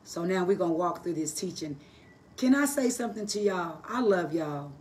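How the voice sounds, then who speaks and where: A woman teaching a livestreamed sermon, hoarse from losing her voice, preaching emphatically in a folksy style and answering herself with quick asides. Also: lowish voice, darkish tone, far from the mic, a little hiss or hum. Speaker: Bible teacher. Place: live online broadcast.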